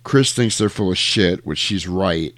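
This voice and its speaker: A man's voice: low-pitched, unhurried, a bit bright, dry recording. A man co-hosting a podcast, casually recapping a movie in a rambling, profane way. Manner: rambling, profane, jumps between tangents and quoted lines. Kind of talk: casual chat.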